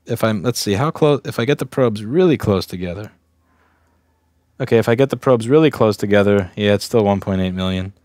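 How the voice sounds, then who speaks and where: A young adult man from Staten Island, New York, speaks in a fairly low, slightly mellow voice, fairly quickly. He's a repair technician running a bench test on a livestream, thinking aloud, restarting sentences and talking bluntly. The recording is clean studio sound with no room sound.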